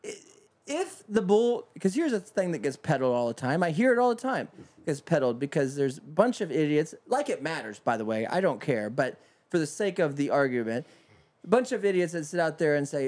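Podcast host, 50s male, exasperated and profane ranter with a very animated pitch. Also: a little fast. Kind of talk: casual podcast chat.

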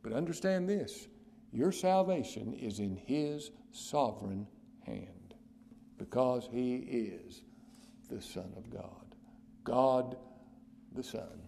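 A man preaching a sermon as pastor, with loud emphatic declarations that drop to hushed near-whispers and slow, weighty stresses on key phrases. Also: medium pitch, lively intonation, vocal fry, slight background noise.

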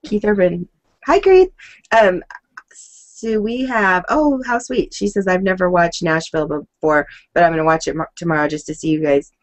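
A woman's voice: lowish voice, flat delivery, moderate pace. A woman hosting an online music chat, asking questions in a chatty, upbeat way. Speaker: host. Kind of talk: casual interview chat.

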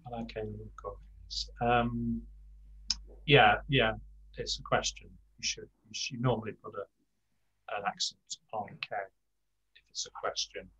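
Slow, hesitant older man tutoring Spanish. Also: on the low side, steady tone, a bit bright, breathy edge, low-quality recording. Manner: slow, hesitant, many fillers and restarts. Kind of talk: online language lesson.

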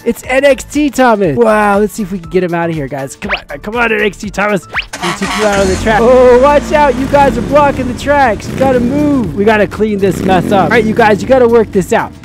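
Excitable gameplay host with frequent whoas. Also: mid-range voice, fairly quick, music in the background. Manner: exclamatory, lots of whoas and calls to the viewers. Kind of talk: excited gameplay commentary for kids.

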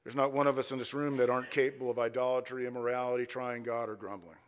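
Male pastor, emphatic repetitive preaching, mid-pitched voice, long reverb of the sanctuary. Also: fairly even intonation, quick pace, clean tone. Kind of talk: sermon. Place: church sanctuary.

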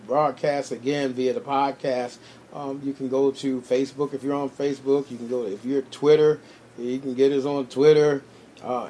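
A man's voice: mid-range voice, mellow, a little hiss or hum. Pastor man, amen-filled closing. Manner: many fillers and repeated amens. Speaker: pastor hosting a prayer call. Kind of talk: preaching and closing announcements.

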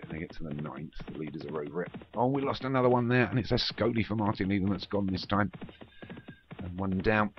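A man calling a horse race for an online game league, running through the field horse by horse. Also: sits low. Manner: rapid running race call, names horses in order. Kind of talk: live race commentary. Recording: muffled with steady background noise.

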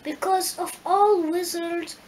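A woman's voice: very high voice, fairly even intonation, slow, darkish tone, a little hiss or hum, pitched above the performer's own voice, poor audio. A woman doing a timid, pleading cowardly lion.

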